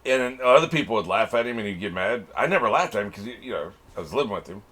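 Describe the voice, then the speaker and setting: Guy doing an anime reaction, low-ish husky voice, laughs a lot, cusses, keeps saying "man". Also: animated, fast talker, a bit bright. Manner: laughs often, swears casually, ends lines with "man". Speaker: reaction channel host. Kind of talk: casual anime reaction commentary.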